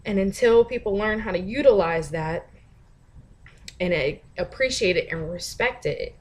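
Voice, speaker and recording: A woman talking straight to camera in a casual vlog monologue. She is blunt and profane, laughs often, and breaks into shouted mimicry of other people. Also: mid-range voice, unhurried. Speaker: vlogger.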